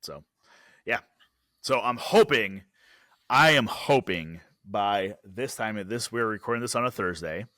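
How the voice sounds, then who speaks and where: A man's voice: lowish voice, expressive, unhurried, pushed and bright, no room sound. A man co-hosting a podcast, telling a story in loose casual chat full of fillers. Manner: rambling storyteller, filler-heavy. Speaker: podcast co-host.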